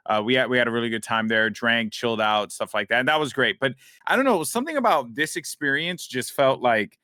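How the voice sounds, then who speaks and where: A man co-hosting a podcast, telling a long story in a rambling, animated way, with many restarts and swearing. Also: mid-range voice, fairly quick, no echo, studio quality. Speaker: podcast co-host. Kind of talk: casual storytelling chat.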